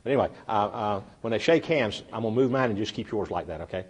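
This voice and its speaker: A man's voice: on the low side, fast. A man giving a humorous seminar, telling folksy stories and talking directly to his audience. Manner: folksy storyteller, chatty, addresses the audience directly. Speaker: seminar speaker. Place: meeting room with a live audience.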